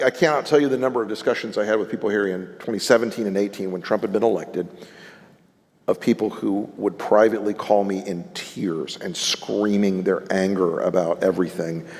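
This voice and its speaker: A man's voice: on the low side, fairly quick, darkish tone. A man, a political strategist, telling blunt, salty stories on stage at a live event and acting out the people he quotes. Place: event stage before an audience. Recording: live event hall reverb.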